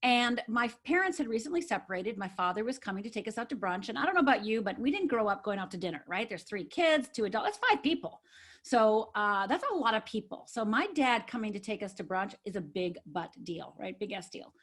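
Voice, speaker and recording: A woman from Upper Michigan, USA, speaks at medium pitch, expressive and fairly quick with a fairly bright tone. She's a life coach guesting on a podcast, telling a personal story earnestly and emphatically while often checking in with "right?"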